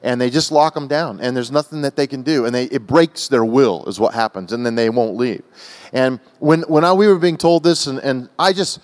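An American man preaching a sermon to a church, telling a personal story in an emotional, animated way with frequent restarts. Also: medium pitch, moderate pace. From United States. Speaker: guest preacher. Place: large church hall. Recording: long church-hall reverb.

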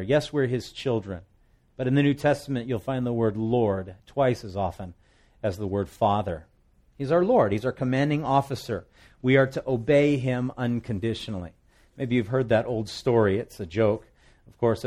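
A man, a pastor from the United States, preaching a sermon, telling a joke with acted-out lines and reading scripture with emphasis. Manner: lively storytelling preacher, acts out a joke with big pitch swings.

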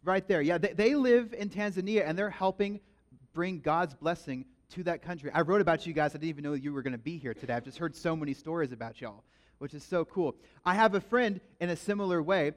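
A male pastor delivers a sermon full of storytelling, diving into his tales with emphatic, animated energy and a fairly quick pace. His voice runs on the higher side for a man, and he pushes hard into his big moments.

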